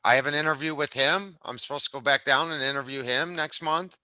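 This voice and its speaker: A man's voice: fairly high pitch, a little fast, pushed and bright, dry recording. A man on an online panel telling a loose, laughing anecdote over a call mic. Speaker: panel guest. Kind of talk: casual panel chat.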